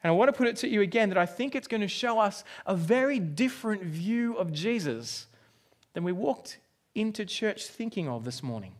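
A man's voice: high voice, lively intonation, moderate pace. An Australian man in his forties preaching a sermon, telling a personal story and acting out his own reactions. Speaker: pastor.

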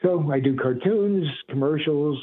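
A man's voice: fairly high pitch, measured pace, slightly rough. A middle-aged man from Ohio, a voice actor, casually telling stories and slipping into impressions. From Ohio, USA. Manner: animated storyteller who slips into impressions, chuckles often. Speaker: voice actor guest. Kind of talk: casual interview storytelling. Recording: tinny phone-line audio.

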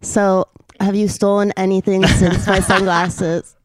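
A woman hosting an interview in gentle, affectionate casual chat. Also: medium pitch, flat delivery, measured pace, slight background noise. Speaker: host.

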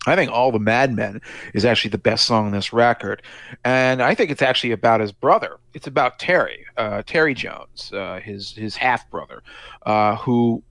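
A man's voice: medium pitch, normal speed, creaky, no room sound. A man hosting a podcast, talking casually and animatedly about music, with lots of filler words. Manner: talkative, many "like" fillers, animated. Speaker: podcast host.

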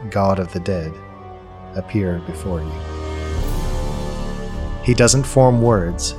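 A man narrating a tabletop game as game master, in slow, immersive second-person storytelling. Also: lowish voice, darkish tone. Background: faint music.

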